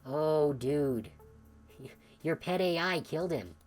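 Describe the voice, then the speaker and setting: A woman's voice: deep voice, lively intonation, takes it slowly, darkish tone, faint music behind, rough recording. A woman voicing a defiant female mercenary in video game dialogue, blunt, sarcastic and profane.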